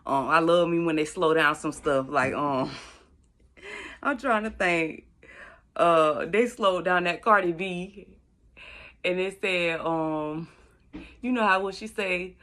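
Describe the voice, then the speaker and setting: Chatty bright-voiced woman. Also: on the low side. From Florida, US. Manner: rambling, chatty, drawls words out slowly for effect. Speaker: vlogger. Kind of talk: casual storytelling monologue. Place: at home doing makeup.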